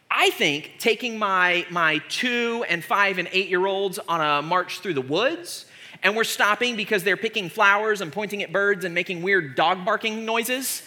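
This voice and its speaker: Man, 30s, preacher, comedic sermon, sarcastic, high voice, bright. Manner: animated, joking, sarcastic.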